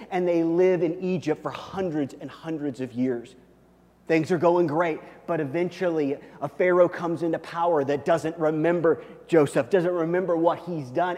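A man preaching a sermon as a pastor, telling the story animatedly and swinging between loud and hushed. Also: a little high, long reverb tail.

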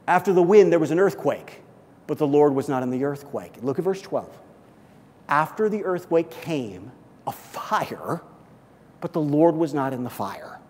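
A man preaching a sermon as pastor, swinging between loud emphasis and soft near-whispers. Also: on the high side. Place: church sanctuary. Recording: long hall reverb.

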